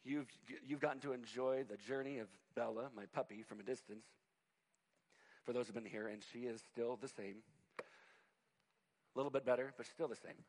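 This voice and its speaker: A man in his forties preaching a sermon, telling personal stories in an animated, conversational way with self-deprecating humor. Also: medium pitch, normal speed, long pauses. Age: 40s. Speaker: pastor.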